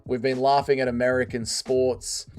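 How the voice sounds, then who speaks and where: A man's voice: medium pitch, flat delivery, normal speed, smooth, faint music behind. Swearing joking male streamer. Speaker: livestream host. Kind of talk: casual chat reading viewer comments.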